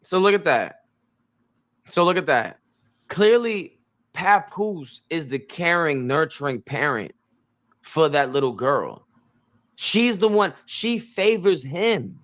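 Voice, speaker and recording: A man's voice: a little high, expressive, slow, pauses often, fairly bright tone. Blunt, emphatic man reacting to clips. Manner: blunt, emphatic, repeats himself. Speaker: commentary host.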